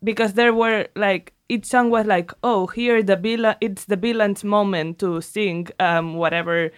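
Young woman, smooth voice, giggly. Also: medium pitch, steady tone, unhurried, no echo. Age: young adult. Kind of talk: casual chat.

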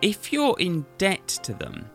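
A man hosting a radio music chat, his voice bright and forward with a lively rise and fall. He talks casually and breaks into little acted-out quotes. Faint music sits underneath. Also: high voice, a little slow, creaky. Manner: lively, animated, acts out quotes. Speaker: radio show host.

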